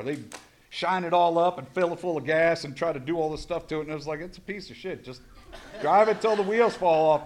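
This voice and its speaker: A middle-aged man sharing his recovery story at a support meeting, blunt and profane, rambling with restarts. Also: fairly high pitch. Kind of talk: personal recovery share.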